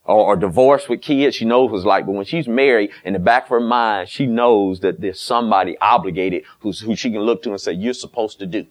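A man's voice: fairly low pitch, brisk, hardly any pauses. A middle-aged man preaching on marriage, blunt and folksy, teasing his listeners and acting out old conversations. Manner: folksy and blunt, with teasing asides and quoted dialogue. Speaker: pastor. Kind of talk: sermon on marriage.

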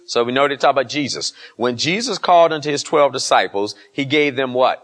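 A man's voice: medium pitch, brisk, fairly bright tone. A man pastor preaching a sermon in church, asking the congregation questions and rising to emphatic peaks. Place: church service.

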